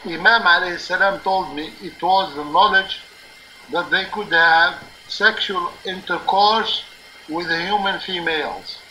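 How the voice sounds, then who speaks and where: A man hosting a live religious talk stream, his voice high and strikingly bright, almost piercing. He explains at length in an earnest, insistent way, peppered with "uh" and "okay?". A faint hum of noise sits behind him. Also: fairly even intonation, measured pace, low-quality recording. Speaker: live-stream show host. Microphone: live stream or call-in line.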